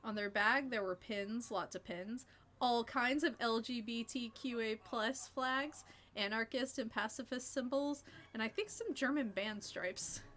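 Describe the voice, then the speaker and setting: Bright-voiced woman streamer reading a game. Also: a little high, measured pace, a little hiss or hum. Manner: lively, laughs between reading. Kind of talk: reading a story game aloud and chatting with viewers.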